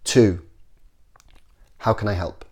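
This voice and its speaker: Earnest lower-voiced man talking to camera. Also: steady tone, slow, warm tone, husky. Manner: earnest, repeats phrases, acts out example dialogue. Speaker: self-development video host. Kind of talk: casual talk to camera.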